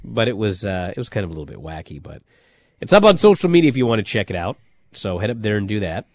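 A man hosting a casual wrestling chat, telling stories in an animated way with many fillers and restarts. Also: on the low side, fast talker, dry recording. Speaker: wrestling podcast host.

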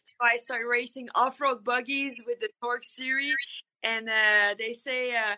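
High bright French-accented woman. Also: steady tone, measured pace, low-quality recording. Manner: hesitant, many fillers. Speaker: guest, monster truck driver. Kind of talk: casual radio interview.

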